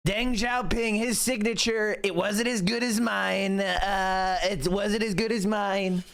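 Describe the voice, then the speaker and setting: A man's voice: sits high, fairly even intonation, takes it slowly, creaky, a bit bright, clean tone, voice pushed up, full character voice. A man mocking a vain boastful head of state. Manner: vain, bragging mockery.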